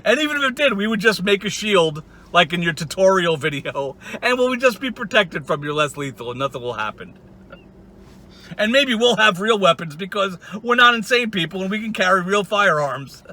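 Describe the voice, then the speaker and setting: A man rants straight to camera in a mocking, profane vlog monologue and keeps breaking into laughter. His voice sits high with a sharp, tense brightness. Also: sing-song, moderate pace. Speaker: online video creator.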